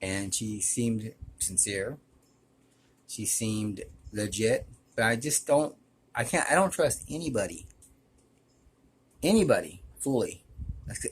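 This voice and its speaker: A man's voice: mid-range voice, breathy edge. A man with a mid-range voice tells his audience a personal story. He rambles and restarts often. He sounds earnest and aggrieved. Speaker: YouTuber.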